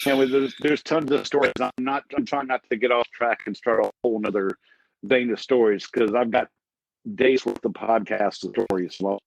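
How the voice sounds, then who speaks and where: A man's voice: mid-range voice, steady tone, moderate pace, creaky, no echo, dull audio. A man hosting a casual podcast, telling rambling, crude stories about the pest control trade. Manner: rambling storyteller, crude humor.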